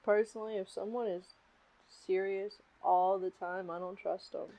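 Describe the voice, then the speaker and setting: A woman chatting casually as a guest on a podcast, relaxed, chiming in agreeably. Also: medium pitch, moderate pace, low-quality recording.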